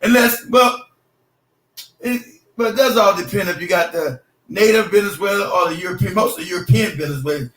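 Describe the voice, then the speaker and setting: A man's voice: sits high, brisk, fairly bright tone. A man in casual, profane chat who tells stories and laughs as he goes. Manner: loose, profane, laughing storyteller. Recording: roomy echo, distant mic.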